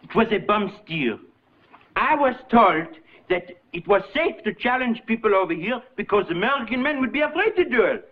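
An actor playing a pompous French dance partner in a sitcom, with a French accent. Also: male voice, sits high, very animated, normal speed. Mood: sheepish. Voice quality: pompous, theatrical. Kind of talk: sitcom acting. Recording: dull old TV sound, studio audience.

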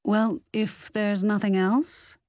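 Lady doing a composed, guarded woman, careful and calm sounding. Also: medium pitch, takes it slowly, dry recording, studio quality, voice pushed up, natural voice.

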